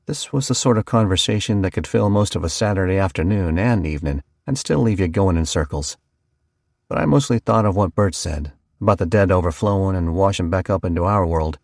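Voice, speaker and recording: Male audiobook narrator, deep, dry, folksy storyteller. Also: a little fast, vocal fry, darkish tone, no room sound. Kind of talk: first-person audiobook narration.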